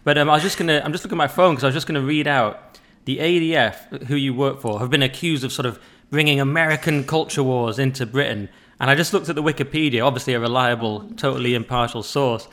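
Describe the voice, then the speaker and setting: A man's voice: mid-range voice, fast, fairly bright tone. A man hosting a casual podcast interview, teasing his guest with jokey, sarcastic banter. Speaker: podcast host.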